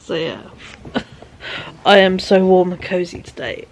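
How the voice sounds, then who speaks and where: A tired woman vlogging from home in a rambling, soft way that often drops to a whisper. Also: on the low side, takes it slowly, gravelly. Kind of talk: casual chat to camera.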